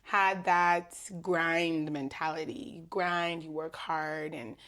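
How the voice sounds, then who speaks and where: A young adult woman talking as a guest on a podcast, her voice sitting fairly low. She tells stories with energy, laughs easily and acts out the voices of the people she quotes. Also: flat delivery, slow, a bit bright. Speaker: guest, personal stylist. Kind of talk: conversational podcast interview.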